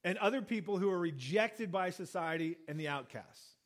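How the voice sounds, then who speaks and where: High-voiced man preaching conversationally. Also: moderate pace. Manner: conversational, acts out quoted lines with lively pitch jumps. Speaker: pastor. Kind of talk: sermon, Bible reading and teaching.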